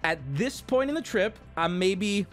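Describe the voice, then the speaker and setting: A man's voice: high voice, expressive, measured pace, soft background music. A man livestreaming, telling a story to his chat in an exaggerated way, swearing and laughing as he goes. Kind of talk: animated storytelling to a live chat.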